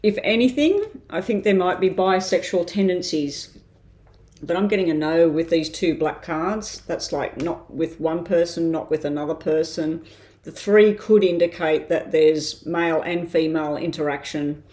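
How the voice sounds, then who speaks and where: A woman giving a live-stream tarot reading in a casual way, thinking aloud with frequent ums and pauses. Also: on the low side, a little mellow. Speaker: tarot reader. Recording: roomy echo.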